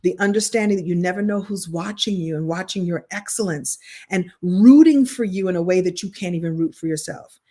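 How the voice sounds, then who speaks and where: A woman's voice: lowish voice, fairly quick, few pauses, dark tone. A middle-aged woman teaching an online writing masterclass, telling stories expressively in a chatty style with frequent restarts. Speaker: writing coach.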